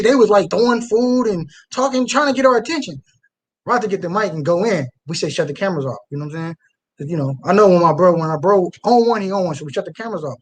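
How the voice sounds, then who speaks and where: A young man preaching on the street and reacting live to a video, fiery, swinging from low mutters to loud outbursts.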